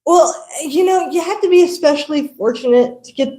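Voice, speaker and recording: A woman's voice: high voice, brisk, dark tone, roomy sound, lightly acted. A woman voicing a playful male god in a retold story. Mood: evasive.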